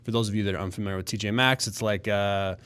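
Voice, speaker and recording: A man co-hosting a podcast, telling a long story in a casual, animated way and acting out other people's voices. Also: on the low side, fast, clean tone. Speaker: podcast co-host.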